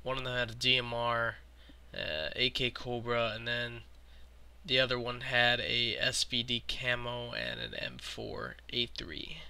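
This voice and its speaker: A man hosting a gameplay video, narrating casually and making quick, swearing callouts to his team. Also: medium pitch, creaky, bright, forceful tone, smooth. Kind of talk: gameplay commentary and team voice chat.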